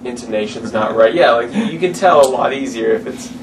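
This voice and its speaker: A laid-back man chats loosely about his fan film, dropping plenty of filler words as he jokes. He sounds set back from the mic, with a clear air-conditioner hum running under him. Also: medium pitch, lively intonation, fairly quick, echoey room, distant mic. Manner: loose and joking, many fillers like "like". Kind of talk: casual chat.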